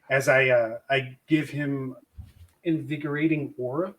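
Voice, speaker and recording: A man's voice: mid-range voice, fairly even intonation, a little slow, fairly bright tone. A man playing a tabletop game, talking casually and bluntly, with some swearing. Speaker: player.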